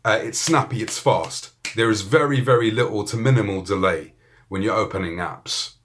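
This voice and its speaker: A man's voice: fairly low pitch, moderate pace, fairly bright tone, a little hiss or hum. A man with a British accent giving a casual, joking gadget review, full of swearing and banter. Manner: profane, joking, laid-back. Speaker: tech reviewer.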